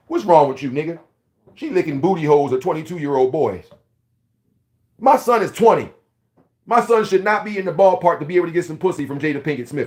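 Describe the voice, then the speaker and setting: A man in his forties from Philadelphia, ranting loudly and profanely to camera in a rambling, heated, comedic way. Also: medium pitch. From Philadelphia, USA. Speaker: vlogger.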